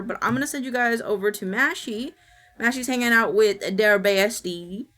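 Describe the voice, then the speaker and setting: A woman streamer talking casually to her chat in a mid-pitched, bright, crisp-edged voice. She rambles through stories and tosses in casual swearing. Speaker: Twitch streamer.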